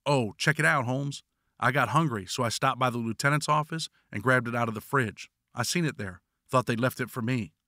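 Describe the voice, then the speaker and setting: A man's voice: medium pitch, a little fast, bright, forceful tone, no room sound, clean studio sound, lightly acted. A man voicing a cocky male prisoner who talks in street slang.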